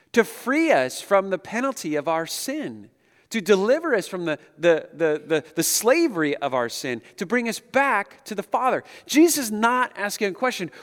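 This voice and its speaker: A man in his thirties, a pastor giving a conversational, animated sermon and chuckling often as he speaks to the room. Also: high voice. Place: large hall with an audience. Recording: long echo of a big hall.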